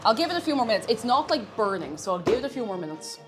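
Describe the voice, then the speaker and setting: Young irish woman, cooking stream chat, playful, lively and a bit high, faint music behind. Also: rapid-fire. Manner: chatty and playful, rambling, reads out chat. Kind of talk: casual live-stream chat while cooking.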